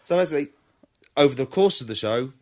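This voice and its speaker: A man riffing through comedy-podcast banter, his voice swinging widely up and down. He giggles often and talks in quick, playful bursts. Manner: giggly, animated, breaks into high laughter. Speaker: podcast co-host.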